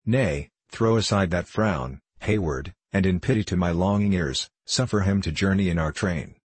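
A man's voice: low voice, moderate pace, husky, no room sound. A man voicing a playful young woman who speaks in formal, old-fashioned phrasing. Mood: amused.

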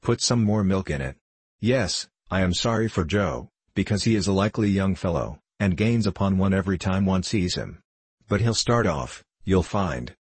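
A jovial older locksmith with a deep, husky voice, read by a man. He teases and spins a story in good humour. The voice sounds dry and close. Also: lively intonation, normal speed, no echo. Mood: teasing. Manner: hearty, teasing storyteller.

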